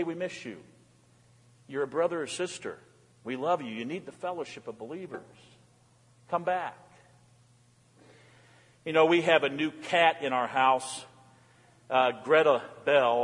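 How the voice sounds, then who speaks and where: A male pastor preaching an animated sermon, swinging between hushed asides and loud exclamations. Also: sits high. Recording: long hall reverb.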